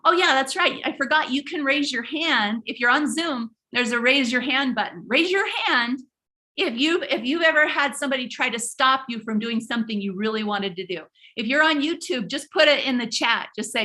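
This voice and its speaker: Middle-aged woman, live webinar host, animated storytelling, high pitch, bright tone. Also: normal speed. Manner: animated, speaks directly to the audience, frequent restarts. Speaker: host of a live online workshop.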